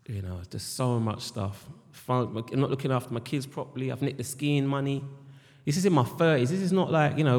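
A man's voice: mid-range voice, a little mellow. A middle-aged British man giving a candid personal testimony about his recovery, rambling and repeating words and phrases. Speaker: speaker sharing his recovery story. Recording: long hall reverb.

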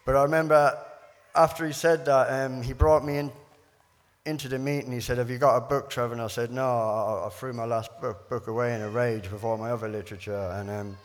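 A man's voice: mid-range voice, fairly even intonation, brisk, long reverb tail. A man candidly recounting his recovery, rambling and repeating words as he quotes conversations. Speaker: recovery speaker sharing his story. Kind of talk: candid personal testimony.

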